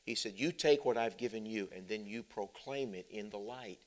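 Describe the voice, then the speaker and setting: Man preaching with sweeping loud-soft swings. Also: moderate pace. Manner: swings between hushed low passages and loud emphatic climbs; builds with repeated parallel phrases. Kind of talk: sermon.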